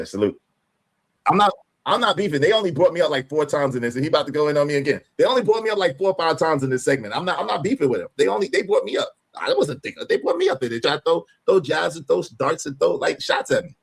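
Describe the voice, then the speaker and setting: A man hosting a live stream, reacting to a clip with loud, mocking commentary. He laughs often and repeats phrases for emphasis. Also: fairly high pitch, big pitch swings, quick pace, creaky, husky. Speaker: livestream host.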